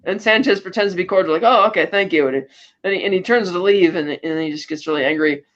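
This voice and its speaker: Male podcast host, high voice, animated casual recap, slightly muffled lo-fi sound. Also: fast. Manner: animated storytelling, acting out lines of dialogue. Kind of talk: casual chat recapping a film.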